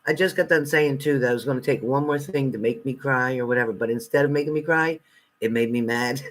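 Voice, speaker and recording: Blunt, combative male live-streamer. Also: quick pace. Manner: blunt and confrontational, talking back to commenters; swings between loud outbursts and low muttered asides. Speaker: live-stream host and spiritual reader. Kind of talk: casual live-stream chat, reading out viewer comments.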